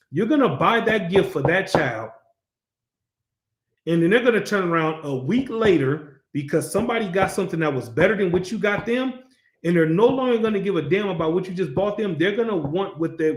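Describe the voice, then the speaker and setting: A man with a high-pitched voice leads a scripture class, speaking bluntly and swearing freely. He keeps asking his listeners whether they understand. The room around him is echoey. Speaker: class teacher.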